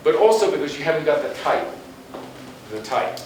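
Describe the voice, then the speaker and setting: With slides behind him, a man lecturing as a guest on urban planning at a conference is very animated, his voice a little high at a moderate pace. He's emphatic and chatty, tossing in blunt asides, while the far-off mic catches heavy room echo and faint noise.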